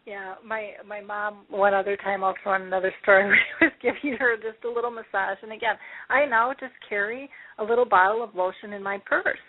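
A woman's voice: medium pitch, fairly even intonation, fairly quick, a little hiss or hum. A woman hosting an interview, chatty and musing aloud with many fillers. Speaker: host. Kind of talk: casual interview. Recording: tinny phone line.

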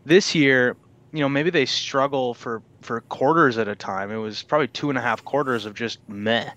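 Smooth-voiced analytical sports podcast man. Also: medium pitch, normal speed, fairly bright tone, no room sound, muffled recording. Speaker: podcast co-host. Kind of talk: casual sports chat.

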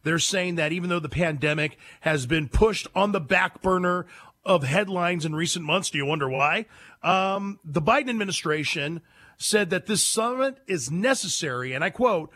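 A man's voice: on the high side, moderate pace, sharp tone. A man hosting a talk radio show, giving an emphatic, indignant monologue into a studio microphone. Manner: emphatic, indignant, takes calls.

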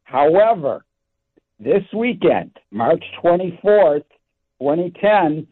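Older male caller, mid pitch, friendly and halting, phone-line sound. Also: very animated. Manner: friendly, recounting dates, halting with fillers. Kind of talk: call-in talk radio.

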